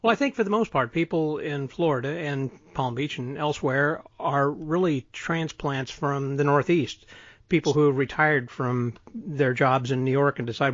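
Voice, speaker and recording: A man in his sixties with a mid-pitched American voice that carries a hint of Southern from his years in Texas. He hosts a conversation in an easygoing, meandering way, often correcting himself as he goes. The recording is dry and a little dull. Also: normal speed, a bit bright, no echo. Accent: American, with Southern touches from Texas. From central United States. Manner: thoughtful, wandering, self-correcting. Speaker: podcast host. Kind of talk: casual interview conversation.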